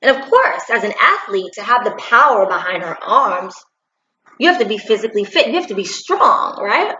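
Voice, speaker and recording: A woman's voice: medium pitch, moderate pace, highs cut off, slight background noise. Brief: woman vlogger, impassioned and preachy, swooping voice, roomy room sound. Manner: preachy, animated, acts out quotes. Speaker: commentary vlogger. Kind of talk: opinion vlog monologue.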